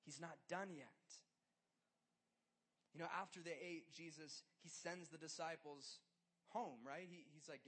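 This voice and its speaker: A man preaching to a youth group in a conversational style, swinging between loud urgency and hushed closeness, with lots of "like". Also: a little high, a little slow, husky. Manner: conversational, filler "like". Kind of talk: sermon.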